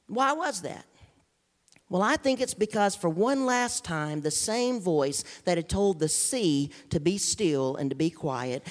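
A pastor preaching a sermon, pausing dramatically and slowing down to stress key words. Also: mid-range voice, in a large hall.

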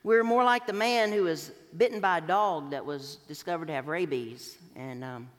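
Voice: mid-range voice, normal speed, a bit bright. A pastor preaching a sermon, telling a parable and acting out its voices, in a church sanctuary. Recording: long hall reverb.

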